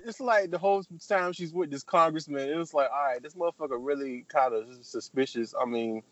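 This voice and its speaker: A man's voice: on the high side, fairly quick, no room sound. A man chatting casually about an old film. He rambles, swears, and acts out scenes in different voices. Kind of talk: casual film-review chat. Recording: dull lo-fi recording.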